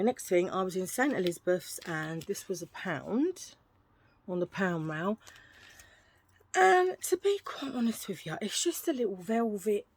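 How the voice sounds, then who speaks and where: Husky, chatty woman. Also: mid-range voice, a little mellow. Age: middle-aged. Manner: chatty, rambling, jokey, talking straight to viewers. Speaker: vlogger. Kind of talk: casual haul vlog chat.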